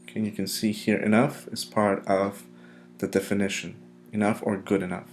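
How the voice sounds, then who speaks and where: A man teaching a recorded English vocabulary lesson, drilling pronunciation with clear, emphatic repetition. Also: lowish voice, flat delivery, moderate pace, soft background music.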